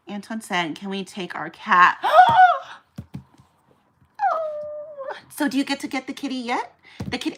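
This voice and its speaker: A small shop owner, a young woman, keeps up casual live-stream chat with her viewers while packing orders at home. She talks freely in a fairly high voice, with background noise audible.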